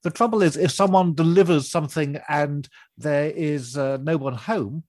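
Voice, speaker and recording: Man, radio contributor, wry and quibbling, slightly husky, high-ish voice. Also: moderate pace, a little mellow, dry recording, studio quality. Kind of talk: casual radio chat.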